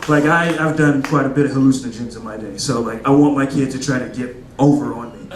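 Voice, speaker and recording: Speaking quickly in a mid-range voice, this thirty-something comic works a club crowd with a loose, chatty stand-up set packed with "like" and other fillers. He acts out voices in quotes, and background noise and audience laughter fill the roomy space.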